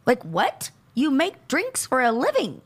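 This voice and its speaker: A middle-aged woman co-hosting a podcast, ranting in animated casual chat and laughing often. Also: high-pitched, measured pace, husky. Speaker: podcast co-host.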